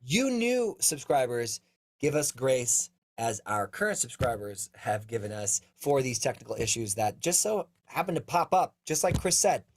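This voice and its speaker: A man's voice: mid-range voice, big pitch swings, moderate pace. A man co-hosting a live Q&A over a video call, upbeat and joking, announcing schedules and encouraging viewers. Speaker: co-host of live Q&A. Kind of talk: casual live-stream chat.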